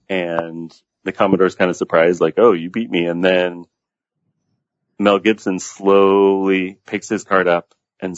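Brief: low, dry-sounding man, animated movie recapper, dull lo-fi audio. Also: no echo. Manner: animated, retells scenes at length. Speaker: podcast guest. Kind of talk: casual movie discussion.

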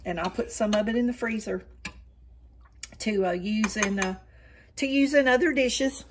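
This cooking vlogger, an older woman with a Southern country accent, keeps up casual chat to the camera while she cooks at home, with frequent "y'all"s. She talks at a moderate pace in a medium-pitched voice, with slight background noise.

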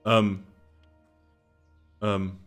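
A man's voice: fairly low pitch, flat delivery, extremely slow, a bit bright, faint music behind. A man giving let's-play reaction commentary, incredulous and exasperated, swearing and bursting into laughter at the game. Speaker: gaming YouTuber.

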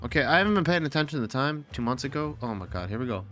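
Excitable man with a stuffy nose. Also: medium pitch, very fast. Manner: excitable, cursing, trash-talking. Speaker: gaming video creator. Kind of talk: casual gameplay commentary. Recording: game music behind.

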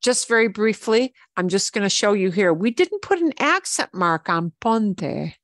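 A woman teaching a beginner Spanish class, explaining commands in English and repeating each Spanish word slowly and patiently. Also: mid-range voice, expressive, fairly bright tone, dry recording. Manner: switches between English explanation and Spanish examples. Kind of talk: online language lesson.

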